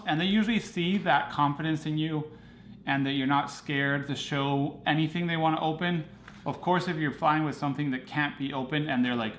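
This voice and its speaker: A man's voice: on the high side, steady tone, brisk, fairly bright tone, roomy sound, a little hiss or hum. A man hosting a photography livestream, rambling casually as he answers viewer comments.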